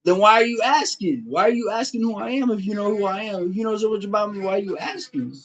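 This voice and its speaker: A man's voice: sits high, fast, a bit bright, low-quality recording. A man live-streaming, taunting someone with crude trash talk and insults. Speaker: livestreamer.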